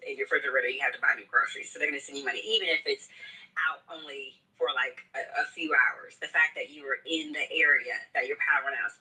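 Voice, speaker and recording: Upbeat man who rambles and restarts, bright tone, recorded from well off the mic. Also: on the high side, distant mic, poor audio. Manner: rambling, repeats words, upbeat. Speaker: caller. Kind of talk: casual testimony on a live audio space.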